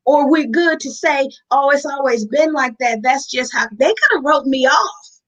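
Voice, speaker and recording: Woman, high voice, heartfelt and candid, slightly dull lo-fi sound. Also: moderate pace, fairly bright tone. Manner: earnest, heartfelt, addresses listeners as y'all. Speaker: guest in recovery. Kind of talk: candid interview talk.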